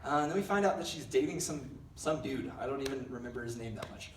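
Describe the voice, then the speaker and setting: A man's voice: medium pitch, expressive, quick pace, roomy sound, recorded from a distance, slight background noise. A young man giving a casual youth sermon, telling a rambling story with lots of fillers and self-deprecating jokes. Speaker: youth pastor. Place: large church hall.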